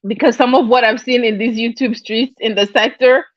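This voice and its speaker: A woman's voice: fairly high pitch, steady tone, brisk, dry recording. Giggly woman rambling on a livestream. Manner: giggly, breaks into laughter often, rambling restarts. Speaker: livestream host reading chat. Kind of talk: casual livestream chat. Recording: dull lo-fi dry sound.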